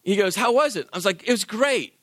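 This worship leader has a high voice and talks fast, recorded clean in the studio with no room sound. His sermon is a personal story, told animatedly as he voices the people quoted in it.

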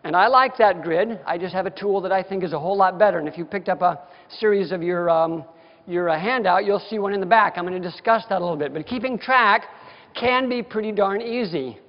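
A man's voice: sits high, fairly quick. A man giving a continuing-education lecture to dentists, folksy, direct and emphatic in manner. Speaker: dental lecturer. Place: lecture hall. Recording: dull sound with long hall reverb.

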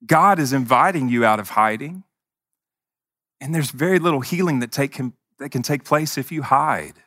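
A man's voice: mid-range voice, normal speed, fairly bright tone, dry recording, studio quality. Earnest man preaching a casual sermon. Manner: earnest, conversational, self-deprecating humor. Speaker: pastor.

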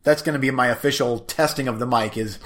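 A man's voice: mid-range voice, sharp tone. A married man co-hosting a casual podcast, easygoing and rambling with a self-deprecating manner. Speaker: podcast co-host. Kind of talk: casual chat.

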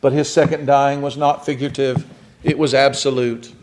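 A man preaching a sermon, building up to loud, rising emphasis and then dropping to a hushed, quiet delivery. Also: mid-range voice, little pitch movement, moderate pace, background noise. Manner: dramatic, swelling to loud emphasis and dropping to near whispers.

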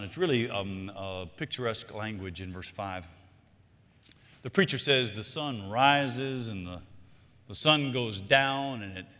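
A man preaching a sermon, animated, shifting between loud emphatic lines and quiet asides. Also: mid-range voice, in a large hall. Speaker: pastor.

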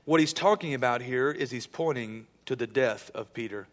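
A man in his thirties preaching a sermon, telling stories in an animated way and building to emphatic, loud bursts. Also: medium pitch, moderate pace. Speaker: pastor.

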